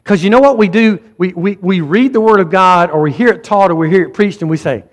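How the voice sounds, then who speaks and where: A man's voice: sits high, fairly quick, hardly any pauses, in a large hall. A man preaching a sermon as pastor, speaking emphatically and often urging the congregation directly. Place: church sanctuary.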